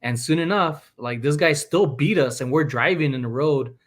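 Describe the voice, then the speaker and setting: Animated man telling stories. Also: fairly high pitch, normal speed. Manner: animated storyteller acting out quoted people. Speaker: podcast host. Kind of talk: casual chat.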